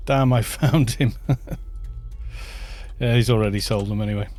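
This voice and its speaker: A man's voice: lowish voice, steady tone, moderate pace, darkish tone, soft background music. A man chatting casually on a live game stream, rambling and musing aloud as he answers chat.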